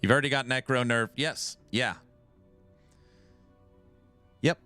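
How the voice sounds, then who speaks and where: A man livestreaming and chatting with his audience in a loose, animated way. He often restarts his sentences. His voice is bright and forward, with faint music playing behind him. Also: mid-range voice, slow pace, clear, resonant tone, dry recording. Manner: animated, repeats himself when starting sentences. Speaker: game streamer reading chat. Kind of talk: casual livestream chat.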